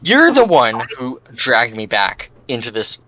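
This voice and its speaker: A man's voice: huge pitch swings, unhurried, bright, forceful tone, heavily acted. A man doing a stern, threatening protector. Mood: menacing. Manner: low, threatening. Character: stern protective woman Delphina.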